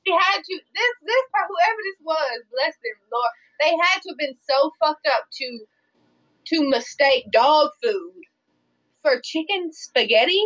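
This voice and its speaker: A woman's voice: high voice, lively intonation, unhurried, a bit bright, highs cut off. A woman co-hosting a casual chat, breaking in with disbelieving comments. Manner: reactive, incredulous interjections. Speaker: co-host.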